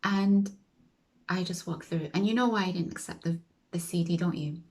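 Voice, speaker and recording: A woman's voice: lowish voice, normal speed, darkish tone, poor audio. Chatty woman telling a story. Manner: chatty, acts out quoted voices, drops to a whisper at times. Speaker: vlogger. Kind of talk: casual storytelling to camera.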